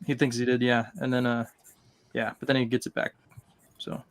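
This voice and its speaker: A man chatting as a guest on a livestream, unsure of himself, with lots of pauses and restarts. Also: mid-range voice, little pitch movement. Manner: hesitant, lots of ums and restarts. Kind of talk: casual chat.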